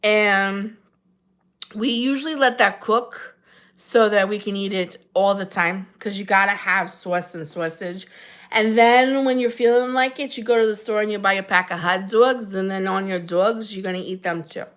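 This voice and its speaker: A woman doing a comic Jersey Shore accent impression, drawing her words out slowly. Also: medium pitch, steady tone, fairly bright tone, close to an everyday voice. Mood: hamming. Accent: New Jersey Shore, put on. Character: exaggerated Jersey Shore woman, brash and drawling.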